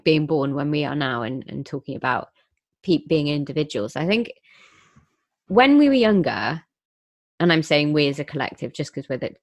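Deep-voiced young woman podcast host. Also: dry recording, studio quality. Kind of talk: casual podcast chat.

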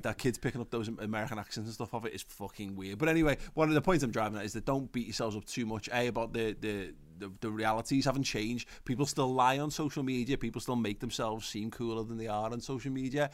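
A man in his thirties co-hosting a casual chat show, rambling and swearing, often restarting his sentences. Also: medium pitch. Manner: rambling, sweary, self-interrupting. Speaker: podcast co-host.

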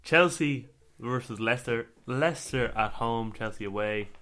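A man co-hosting a football podcast, chatting in a relaxed way and running plainly through match reviews. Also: mid-range voice, moderate pace. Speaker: podcast co-host. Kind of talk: casual football chat.

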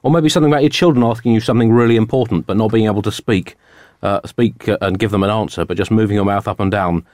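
Low-voiced rambling man. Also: fairly even intonation, quick pace, a little mellow, dry recording, clean studio sound. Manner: rambling, hesitant, lots of uh. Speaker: comedy podcast co-host. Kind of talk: satirical comedy chat.

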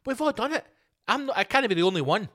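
Male podcast host, foul-mouthed rant, sarcastic, loud bursts then mumbled asides. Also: expressive, fast talker. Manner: profane, sweary and sarcastic; swings from loud emphatic outbursts to low muttered asides. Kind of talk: ranting solo podcast monologue.

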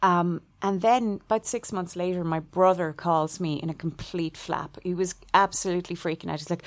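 Lowish-voiced woman telling a lively story. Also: normal speed, few pauses. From Ireland. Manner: animated, acts out quoted voices with laughs. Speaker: composer guest. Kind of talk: storytelling interview answer.

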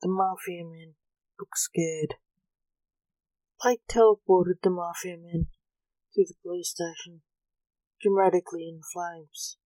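A woman narrating a story in a calm, even reading voice. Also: on the low side, slow pace, pauses often, no room sound.

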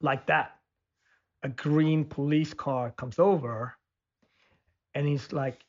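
A man in a loose podcast chat, winding through a story with lots of restarts and fillers. His voice sits on the higher side for a man. The audio is muffled and lo-fi. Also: slow, pauses often. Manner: rambling storyteller with many restarts. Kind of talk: casual conversation.

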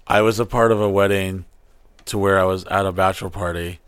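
A man's voice: low voice, steady tone, smooth. A man in loose, profane podcast banter, joking and acting out exaggerated voices. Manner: rapid, swearing, acts out exaggerated voices. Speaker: podcast co-host.

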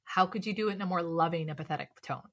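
A woman speaking coach, a podcast guest, talking in a lively, casual way and firing off rhetorical questions. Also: lowish voice, very fast.

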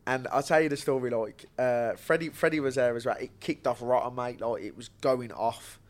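A young man appears as a guest on a casual podcast, telling stories in a slangy way and laughing often. He is a bare knuckle fighter, and his medium-pitched voice holds a steady tone at a moderate pace.

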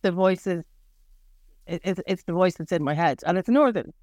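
A woman's voice: lowish voice, normal speed, darkish tone. A middle-aged Irish woman speaks as an interview guest, frank and self-mocking. She stops and restarts often and scatters fillers through her talk. Her voice is recorded close and dry, with no room echo. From Northern Ireland. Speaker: writer guest.

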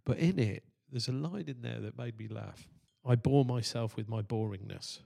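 A man interviewing a guest, asking earnest, measured questions. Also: medium pitch, gravelly, dark tone. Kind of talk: conversational interview.

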